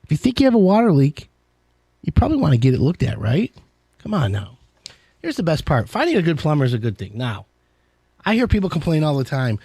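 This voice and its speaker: A man's voice: a little high, very animated, fairly quick, darkish tone, slightly rough, no echo, clean studio sound. A man hosting a live home-services call-in show, chatting casually with jokey, rambling asides. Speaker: radio show host. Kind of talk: casual call-in radio chat.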